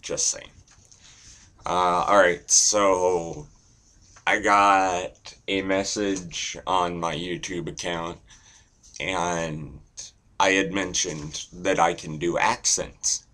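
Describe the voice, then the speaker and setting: A young man talking to camera in a slow, deadpan, rambling way with a deep monotone voice, swearing casually. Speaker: vlogger.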